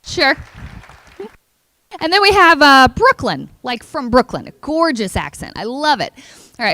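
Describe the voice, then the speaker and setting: A woman giving an energetic, playful motivational speech at a conference, engaging the audience. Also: high voice, unhurried, pauses often, dry recording. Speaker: keynote speaker. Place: conference hall.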